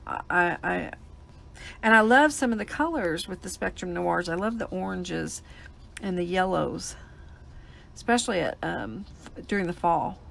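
Chatty woman with vocal fry. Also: medium pitch. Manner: chatty, explains each step as she works. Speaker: paper crafting host. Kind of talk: live crafting demonstration.

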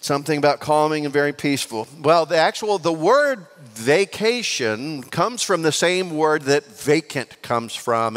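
A man, preaching a lively sermon full of jokes and questions to the congregation in a large church. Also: on the high side, moderate pace, few pauses. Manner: lively and joking, asks the congregation for responses. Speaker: pastor. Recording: long church reverb.

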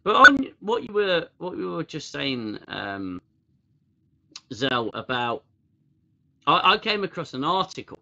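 A man's voice: on the high side, sing-song, unhurried, creaky, pauses often, pushed and bright, lo-fi sound. A British man hosting a casual livestream chat, mocking what he reads aloud and laughing often. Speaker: host.

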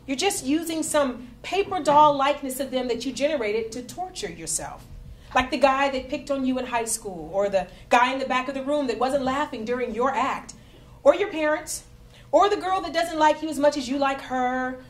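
High-voiced woman reading on stage. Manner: earnest, breaks into laughter. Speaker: guest reader at a live book reading. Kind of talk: reading an essay aloud. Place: stage before a live audience.

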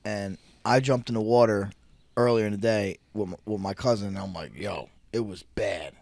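Joking New podcast host. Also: male voice, lowish voice, fairly even intonation, brisk, creaky, a little mellow, no echo. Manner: teasing, joking, then earnest storyteller. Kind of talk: casual chat.

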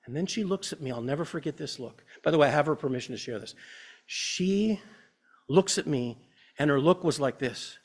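Man, fifties, pastor, sermon in church, earnest, conversational, fairly high voice. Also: expressive, brisk. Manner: earnest, conversational, personal storytelling.

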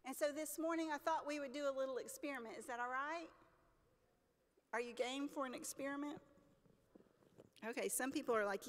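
Woman, pastor, sermon, fairly high voice, conversational, acts out stories, long church reverb. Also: a little fast, pauses often. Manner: conversational, asks the congregation questions. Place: church sanctuary.

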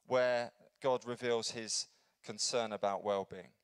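Earnest man preaching with a smooth voice. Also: animated, measured pace, dry recording. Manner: earnest, builds up then drops to a soft low voice. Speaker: pastor. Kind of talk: sermon. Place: church.

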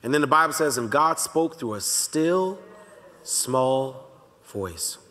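A pastor teaching a Bible study in a relaxed, conversational way, talking straight to the congregation and slowly repeating his key lines. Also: mid-range voice. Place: church sanctuary. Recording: long reverb of a large church hall.

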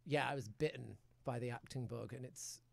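Man, young adult, British accent, casual chat, self-mocking, halting, middle pitch, dry sound. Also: creaky, no echo. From United Kingdom. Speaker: guest actor.

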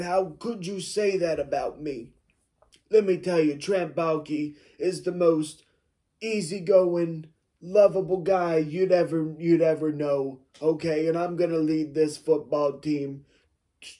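Man impersonating raspy older sports executive, boastful, dragging slow delivery, mellow dark tone. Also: fairly high pitch. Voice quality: raspy, worn throat. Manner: slow, boastful, defensive rambling. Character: raspy chain-smoking older male football executive, smug. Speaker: mock interview guest.

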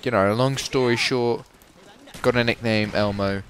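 A young man narrates his shooter match in a loose, sarcastic, swearing way. His voice is mid-pitched and casual, picked up close on a headset or desk mic. Faint game noise sits beneath his chatter. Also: fairly even intonation, unhurried, fairly bright tone. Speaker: gameplay commentator. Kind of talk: casual profane gameplay commentary.

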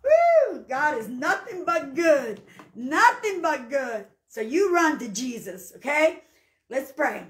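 A woman's voice: high-pitched, very animated, slow pace, fairly bright tone, reverberant. A woman preacher telling a personal testimony in a folksy, fervent way, often breaking into cries of hallelujah. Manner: folksy storyteller. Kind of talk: spoken testimony and sermon.

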